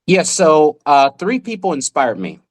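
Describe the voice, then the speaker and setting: A man, a magician, telling a lively story in a podcast interview and acting out the people he quotes. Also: fairly high pitch, unhurried. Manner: animated storyteller who acts out the people he quotes. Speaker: magician guest.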